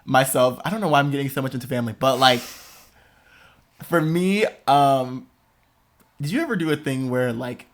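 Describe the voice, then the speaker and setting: A young man hosting a podcast in casual chat, expressive and dramatic, laughing often. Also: mid-range voice, moderate pace, long pauses. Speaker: podcast host.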